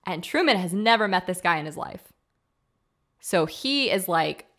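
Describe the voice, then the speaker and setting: A woman's voice: lowish voice, normal speed. A woman co-hosting a podcast, retelling a film scene by scene in casual chat, acting out the characters' lines with lots of filler words. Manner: animated retelling, acting out quotes, frequent fillers. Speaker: podcast co-host.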